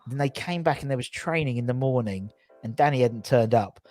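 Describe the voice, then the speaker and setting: A man's voice: medium pitch, brisk, a little mellow, faint music behind. A man hosting a casual football fan chat show, rambling through stories and reading out viewer comments. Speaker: podcast host.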